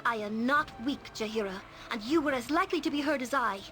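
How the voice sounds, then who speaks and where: A woman's voice: on the high side, fairly quick, bright, forceful tone, soft background music. A woman voicing an earnest, proud young elf companion in a game. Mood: defiant.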